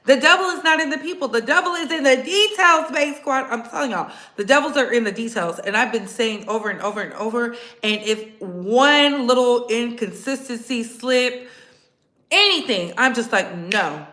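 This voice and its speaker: A woman's voice: on the high side, expressive, moderate pace, bright, forceful tone, reverberant. A woman hosting a casual livestream, blunt and sassy, talking straight to her viewers in the chat. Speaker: livestream host.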